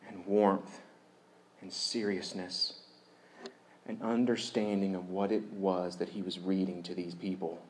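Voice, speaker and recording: A man preaching a sermon as a story, animated, going from loud outbursts to hushed tones. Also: on the low side. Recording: echoey room.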